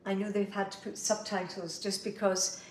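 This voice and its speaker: A woman's voice: mid-range voice, flat delivery, moderate pace, darkish tone, slight background noise. Chatty woman in an echoey kitchen. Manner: chatty, laughing, trips over her words. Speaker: host of an online kitchen concert. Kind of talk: casual chat, reading out viewer comments. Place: home kitchen.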